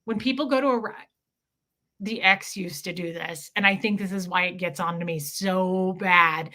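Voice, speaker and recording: Bright-voiced woman chatting on a livestream. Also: fairly low pitch, normal speed. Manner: chatty storytelling, acting out dialogue. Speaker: livestream host. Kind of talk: casual livestream chat.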